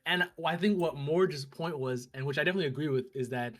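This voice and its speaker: A man co-hosting a podcast in a loose, casual fan discussion, talking fast with lots of fillers. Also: a little high. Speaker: podcast co-host.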